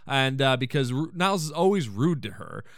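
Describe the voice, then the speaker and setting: A man hosting a podcast, casually recapping an episode in a joking, animated way with the odd swear and laugh. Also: mid-range voice, brisk, dry recording, clean studio sound. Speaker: podcast host.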